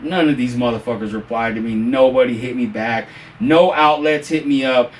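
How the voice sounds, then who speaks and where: A man from the Bay Area talks through his past projects in an animated, profane way. His voice sits in a middle register and sounds set back from the mic, with a faint hiss underneath. The delivery is loose and conversational. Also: mid-range voice, moderate pace, far from the mic, low-quality recording. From Bay Area, California. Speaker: interview guest, videographer. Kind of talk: casual interview chat.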